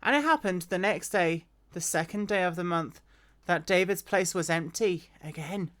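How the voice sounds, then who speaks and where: A woman's voice: lowish voice, moderate pace. A woman reading a Bible passage aloud in an unpolished way, often restarting and correcting herself. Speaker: scripture reader.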